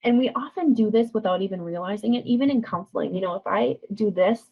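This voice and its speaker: Husky woman counselor giving a training talk. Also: medium pitch, quick pace. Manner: conversational, frequent tag questions, acts out example lines. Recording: dull lo-fi sound.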